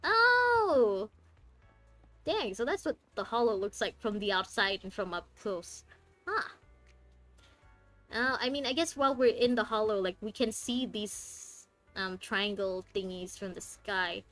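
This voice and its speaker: Faint game music plays as a young woman streams a game, speaking unhurriedly in a medium-pitched, fairly bright voice. She jokes and rambles casually, frequently interrupting herself partway through sentences.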